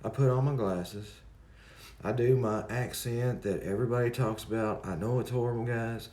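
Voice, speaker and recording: A man's voice: mid-range voice, normal speed, a little mellow, roomy sound. A man hosting a livestream, chatting casually and rambling as he greets viewers in the chat by name. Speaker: livestream host.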